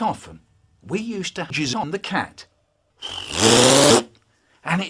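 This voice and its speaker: A man telling children's stories, spliced into a comedy remix, with animated delivery, sudden shouts and silly voices. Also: sits high, slow pace, pauses often, husky. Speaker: children's poet reading stories.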